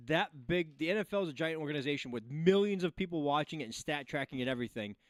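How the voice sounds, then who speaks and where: Fast-talking rambling man, dry sound. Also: on the high side, lively intonation, no echo. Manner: fast, rambling retelling with many fillers. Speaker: podcast co-host. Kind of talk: casual sports chat.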